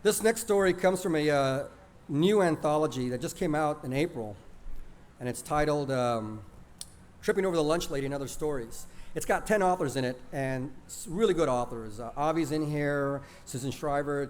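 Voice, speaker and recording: Expressive male author reading aloud. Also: on the high side, moderate pace, slight background noise. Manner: lively, expressive storytelling. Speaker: author reading his stories. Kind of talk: live story reading.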